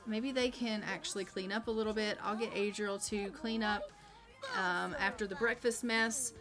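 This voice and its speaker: A woman's voice: medium pitch, steady tone, moderate pace, music in the background. A woman streamer narrating a life-simulation game casually, chatty with many fillers.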